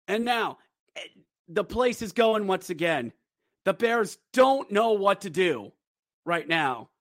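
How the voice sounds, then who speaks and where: A man hosting a podcast, recapping a hockey game as a fan, excitable and sarcastic, shouting the goal calls. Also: sits high, no room sound, studio quality.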